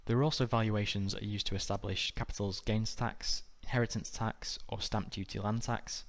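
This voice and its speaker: A man narrating a scripted exam-prep lesson in a measured, methodical way. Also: fairly low pitch. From United Kingdom. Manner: measured, even, methodical delivery. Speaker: exam tutor.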